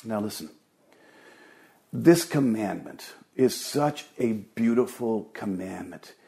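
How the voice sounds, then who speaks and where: A man's voice: fairly low pitch, expressive, slow, creaky, warm tone. A middle-aged man preaching a sermon as pastor, earnest and emphatic, often repeating words for stress.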